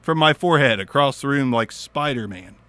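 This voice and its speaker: Animated, goofy Southern man reviewing mics. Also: medium pitch, a little fast, dry recording. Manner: goofy, swearing, crude jokes, sudden loud outbursts. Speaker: mic reviewer. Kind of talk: casual review. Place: small home studio.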